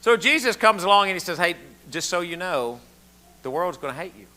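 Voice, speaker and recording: Folksy Southern preacher, bright voice. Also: male voice, sits high, expressive, brisk. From southern United States. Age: older. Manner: folksy, asks the room questions, repeats words often. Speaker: pastor. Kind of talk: conversational sermon.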